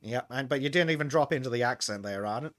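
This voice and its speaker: A man's voice: mid-range voice, fast, no room sound, studio quality. A man in a casual podcast chat, playful, swearing freely and explaining at length.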